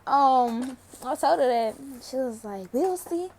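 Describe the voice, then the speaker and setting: A woman's voice: high-pitched, slow, a little mellow. A young woman vlogging to camera, telling a story casually, laughing often and swearing freely.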